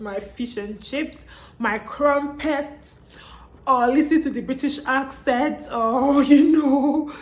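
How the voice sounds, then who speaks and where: A young woman with a Nigerian accent chats to her viewers in a relaxed vlog. Her voice sits somewhat high for a woman. She keeps checking in with a quick "okay?" as she talks. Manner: chatty, often tags lines with "okay?". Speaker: vlogger. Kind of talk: casual chatty vlog.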